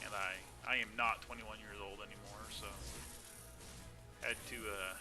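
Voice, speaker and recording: A man's voice: lowish voice, little pitch movement, normal speed, music in the background. A man chatting casually and laughing often while live-streaming a game.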